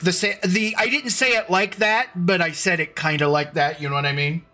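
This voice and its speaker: A man with a fairly high, bright voice hosts a casual live stream from his home computer. He rambles, restarts sentences and greets viewers by name. Faint music plays behind him. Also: fairly even intonation, normal speed.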